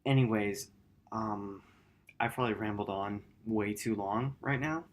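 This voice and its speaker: A man hosting a gaming channel, talking through his upload plans in a rambling, self-correcting late-night vlog. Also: unhurried. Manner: quiet, low-key.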